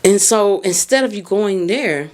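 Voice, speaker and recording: A woman's voice: medium pitch, lively intonation, measured pace, a little mellow. A woman hosting a podcast, giving a casual motivational monologue in an emphatic, colloquial way, talking straight to the listener. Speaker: podcast host and mindset coach.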